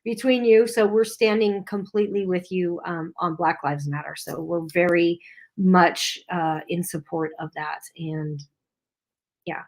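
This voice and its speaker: A woman's voice: on the low side, steady tone, measured pace, a little mellow. Chatty woman host reading viewer comments. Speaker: livestream co-host. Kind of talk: casual livestream chat.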